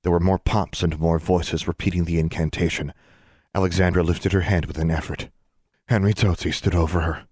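A man reading a novel aloud as narrator, in a steady, measured storytelling manner. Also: sits low, slightly rough, dry recording, studio quality. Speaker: audiobook narrator. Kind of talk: scripted narration.

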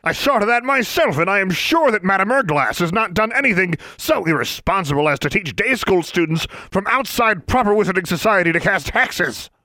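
A man's voice: high voice, animated, fairly quick, hardly any pauses, dry recording, voice pushed up. A man putting on a bellowing pompous giant of a man. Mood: bellowing rage. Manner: bellowing, blustering, shouting. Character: huge pompous bearded man, furious official.

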